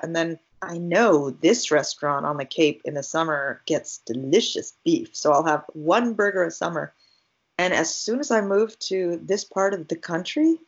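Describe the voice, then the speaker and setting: A woman's voice: on the low side, breathy edge. Rambling, laughing woman co-host. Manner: rambling storyteller, laughs a lot. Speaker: podcast co-host. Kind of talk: casual chat. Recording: dull lo-fi sound.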